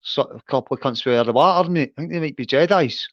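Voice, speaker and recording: A man's voice: a little high, fast, a bit bright, dry recording. A man chatting casually on a livestream call, rambling and saying "aye" and "mate" all the time. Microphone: device on a video call. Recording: dull lo-fi call audio.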